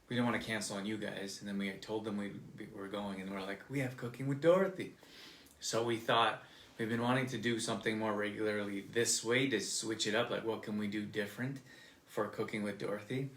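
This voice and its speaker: Guy with a low voice rambling through a live stream chat, roomy echo. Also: fairly even intonation, brisk, a bit bright. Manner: loose, rambling explanations with restarts. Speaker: co-host of a live nutrition show.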